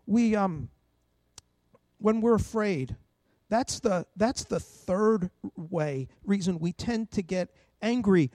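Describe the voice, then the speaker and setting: Older man preaching, high and dry. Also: darkish tone, no room sound, low-quality recording. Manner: conversational, asks the audience rhetorical questions. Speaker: pastor. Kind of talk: sermon.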